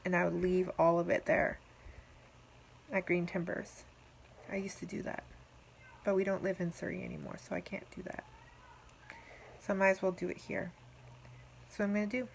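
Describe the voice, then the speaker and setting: A woman talking casually to her viewers in a rambling, gentle, affectionate diary vlog. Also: medium pitch, gravelly, a little hiss or hum, low-quality recording. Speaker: vlogger.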